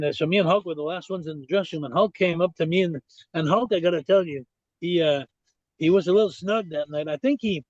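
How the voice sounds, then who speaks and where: A man's voice: on the high side, dry recording. Older Québécois man telling a story. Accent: Québécois French. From Quebec, Canada. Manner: animated storyteller, many restarts and "I said". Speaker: guest. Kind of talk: storytelling interview. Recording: dull, lo-fi dry sound.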